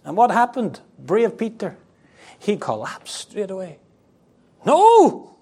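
A man preaching a sermon to a congregation, animated and acting out the voices of the people in his story. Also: measured pace, creaky, slightly rough. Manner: animated, acts out quoted voices with sharp pitch swings.

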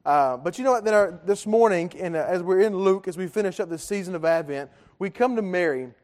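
A man's voice: high voice, brisk, darkish tone. A man gives a conversational sermon to a congregation, joking and asking them questions. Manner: chatty, joking with the congregation, many fillers. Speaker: pastor. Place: church sanctuary.

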